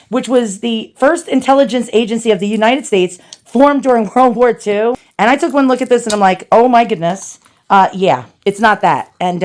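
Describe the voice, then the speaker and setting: A woman with a New York accent who chats casually to viewers while she unboxes and cleans an old relic, talking straight to the audience. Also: on the high side. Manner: chatty, animated, talks to viewers directly. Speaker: relic restorer and video host.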